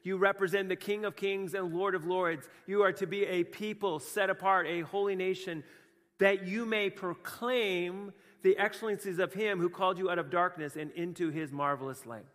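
A Canadian pastor preaching with passion, moving between hushed, quiet stretches and emphatic, fired-up bursts. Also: male voice, sits high, steady tone, moderate pace, long reverb tail. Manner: impassioned, swings from hushed to emphatic. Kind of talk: sermon.

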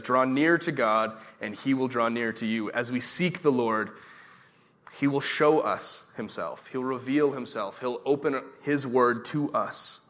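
A man preaching a sermon in a church, quoting verses slowly and asking the congregation questions. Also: medium pitch, fairly bright tone. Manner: preaching with audience questions, slow emphatic repeated verses. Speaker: pastor.

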